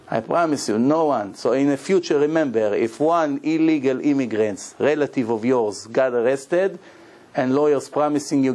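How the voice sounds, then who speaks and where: A man speaking as a rabbi in a Torah lecture, with animated storytelling, rhetorical questions and acted-out dialogue. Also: mid-range voice, fairly quick.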